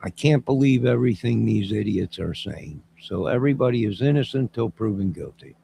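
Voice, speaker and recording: A man with a deep voice talks in a rambling, mocking way, aiming remarks at someone off to the side. His voice is heavily gravelly and full of fry. A faint hum sits under the recording. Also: expressive, a little fast, dark tone. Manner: mocking, wandering, talks to an unseen listener. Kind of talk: rambling monologue to camera.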